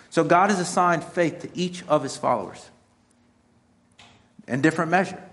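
High-voiced pastor preaching with humor. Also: male voice, moderate pace, pauses often, a bit bright. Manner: conversational, self-mocking humor mixed with earnest exhortation. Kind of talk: sermon. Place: church sanctuary.

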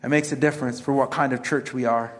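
A man's voice: medium pitch, fairly even intonation, fast. A middle-aged man preaching a conversational sermon as a pastor, mixing self-mocking humor with earnest exhortation. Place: church sanctuary.

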